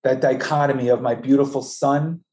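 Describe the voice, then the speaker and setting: Bereaved man, halting personal testimony, breaking with emotion, dark voice, echoey room. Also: mid-range voice, fairly even intonation. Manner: halting, with many restarts and trailing phrases. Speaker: bereaved father telling his story.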